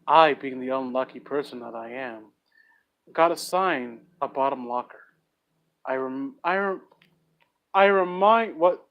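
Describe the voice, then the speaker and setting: A man's voice: mid-range voice, a little slow, pauses often, lo-fi sound. A young man reading fan fiction aloud for laughs, with sarcastic, profane asides. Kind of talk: comedic dramatic reading with commentary.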